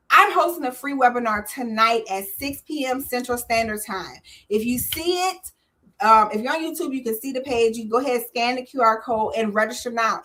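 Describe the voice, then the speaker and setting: A woman's voice: a little high, sharp tone. A woman hosting a live call-in stream about government contracting, talking straight to her viewers with energy and emphasis.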